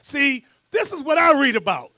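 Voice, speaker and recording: Male preacher, fiery and shouting, high lively voice, bright and dry. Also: moderate pace, no room sound. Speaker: bishop leading a scripture class. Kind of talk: sermon with rant and teaching.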